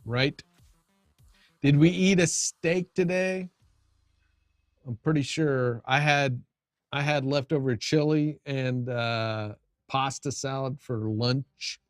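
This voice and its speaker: A man's voice: medium pitch, fairly even intonation, slow pace, long pauses, dry recording, soft background music. A man hosting a casual livestream, chatting loosely with viewers while he tweaks his audio setup, often restarting his sentences. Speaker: livestream host. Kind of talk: casual live-stream chat.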